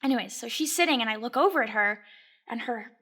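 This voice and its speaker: Young woman podcast co-host, casual storyteller, high-pitched, laughs a lot, salty language. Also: fast talker. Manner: animated, laughing often, swearing freely.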